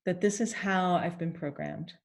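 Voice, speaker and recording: This is a woman gently leading a tapping session. She repeats first-person lines and stops now and then for a sigh or a deep breath.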